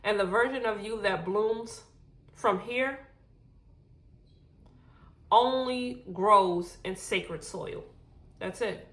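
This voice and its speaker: A woman's voice: mid-range voice, extremely slow, long pauses, fairly bright tone. A woman giving a casual spiritual tarot reading, out of breath, reassuring and often correcting herself. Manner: reassuring, repeats okay, self-corrects often. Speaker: tarot reader.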